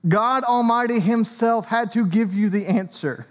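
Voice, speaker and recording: A man's voice: extremely high pitch, measured pace, long reverb tail. A man, an Anglican priest, preaching a sermon in a conversational way with joking asides. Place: church.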